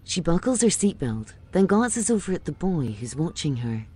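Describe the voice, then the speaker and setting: Low mellow woman doing audio description, steady narration, lively pitch. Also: normal speed, a little hiss or hum. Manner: steady, clear, scene-setting.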